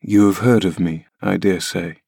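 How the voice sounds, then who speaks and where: A man's voice: low-pitched, steady tone, moderate pace, vocal fry, darkish tone, breathy edge, no echo, clean studio sound, full character voice. A man voicing a grim, scornful middle-aged man with a mocking, contemptuous delivery. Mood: cold.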